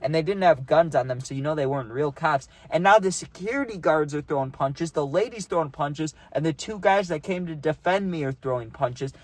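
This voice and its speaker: A man's voice: a little high, fairly quick, hardly any pauses, no echo. A young man casually telling a rambling story, full of fillers and acted-out quotes.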